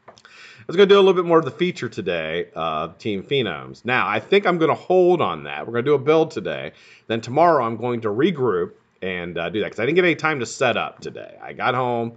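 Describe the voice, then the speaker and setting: A man's voice: fairly low pitch, big pitch swings, fast talker, dull audio. Joking, profane male live-stream host. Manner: profane, joking, boastful banter. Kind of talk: casual live-stream chat.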